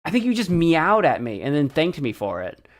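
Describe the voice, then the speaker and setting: A man's voice: a little high, wildly swooping pitch, normal speed, a crowd in the background. An American man streaming, chatting casually as he practices a language app, thinking aloud and second-guessing himself.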